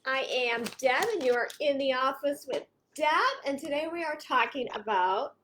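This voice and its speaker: Brief: woman consultant, chatty and meandering, bright high voice. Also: normal speed. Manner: rambling, chatty, frequent restarts. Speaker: home organizing consultant. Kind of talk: casual vlog talk.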